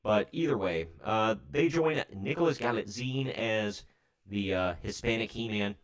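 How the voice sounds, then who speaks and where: A man's voice: on the low side, unhurried. A man from Ohio in his thirties hosting a casual livestream, rambling and chatty with frequent self-corrections. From Ohio, United States. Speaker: livestream host.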